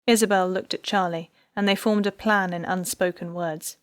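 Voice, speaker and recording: A woman reading an audiobook in scripted narration, measured and even. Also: on the low side, dry recording, studio quality.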